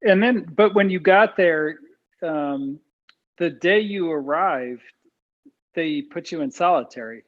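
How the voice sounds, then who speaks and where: A man interviewing a guest casually, with short affirmations and halting questions. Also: a little high. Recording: dull lo-fi sound.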